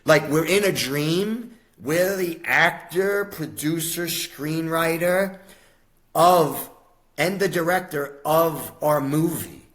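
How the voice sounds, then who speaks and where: A man's voice: fairly high pitch, slow. Streetwise middle-aged man telling a story. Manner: streetwise, animated, calls listener "bro" and "my brother". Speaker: podcast guest. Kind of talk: emotional storytelling to a host.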